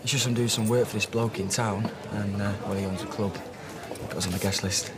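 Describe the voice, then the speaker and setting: An actor playing an eager, hapless young man who talks in a hurried, sheepish way. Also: on the low side, steady tone, very noisy, lightly acted. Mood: hopeful.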